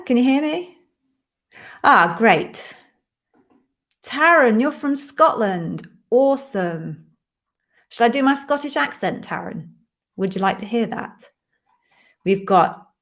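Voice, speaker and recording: A middle-aged woman hosts a live Q&A stream as an interview coach. She talks in a chatty, friendly way and often slips in quick apologetic asides. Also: mid-range voice.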